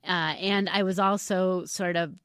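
A woman's voice: fairly low pitch, fairly even intonation, unhurried, smooth, no echo, studio quality. A woman author talking through her book in an interview, earnest and hesitant, with many restarts. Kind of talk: casual interview talk.

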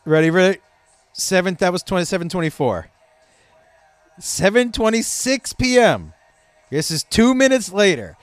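A man hosting a comedy podcast, telling stories in a profane, animated way and laughing at his own jokes. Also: high voice, normal speed, pauses often, no room sound. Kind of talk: casual comedic monologue. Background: faint rock music playing.

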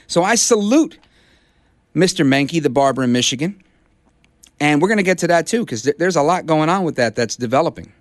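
A man's voice: a little high, big pitch swings, normal speed, no room sound, clean studio sound. A man hosting a talk radio show, delivering an emphatic, preachy rallying monologue. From Brooklyn, USA.

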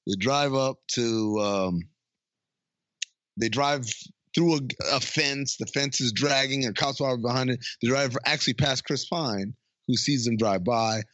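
A man in casual chat, retelling a movie scene by scene, acting out the lines in quick funny voices and laughing often. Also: medium pitch, fairly bright tone, dry recording. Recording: dry, dull lo-fi sound.

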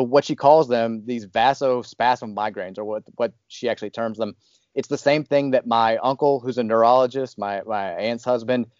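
A man in his thirties telling a story in a casual, animated way, with many restarts and fillers. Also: mid-range voice, dry recording, muffled recording.

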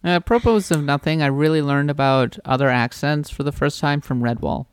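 A man co-hosting a casual podcast chat, talking in a relaxed way with frequent fillers and restarts. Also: a little high, a little fast, clear, resonant tone, no room sound. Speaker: podcast co-host.

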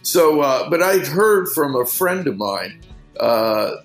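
A middle-aged fishing guide, telling rambling anecdotes in a casual interview and leaning on "you know" constantly. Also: male voice, on the high side, very animated, takes it slowly, reverberant, faint music behind, rough recording.

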